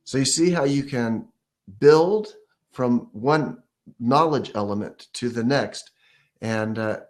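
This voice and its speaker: A ukulele teacher gives a casual lesson, explaining step by step and counting beats or scatting rhythms aloud as he plays. His voice is medium-pitched and slow-paced, with ukulele playing in the background.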